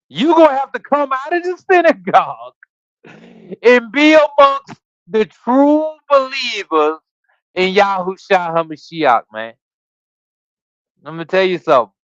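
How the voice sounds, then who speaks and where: A scripture study podcast host, high-pitched and slightly bright, runs a livestreamed Bible study through a streaming setup. The sound is muffled but echo-free as he reads verses, riffs on them preachily, quizzes his audience, and tosses in casual slang between readings.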